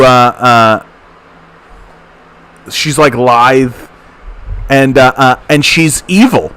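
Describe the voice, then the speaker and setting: A Canadian man hosts a livestream political commentary show, ranting fast in a medium-pitched, fairly bright voice. He repeats phrases and stammers into restarts.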